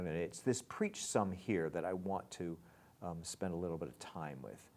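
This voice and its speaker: A man teaching lyric writing in a recorded lesson, reading lines of verse aloud slowly and tapping out their stresses while he marks them up. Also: deep voice, darkish tone.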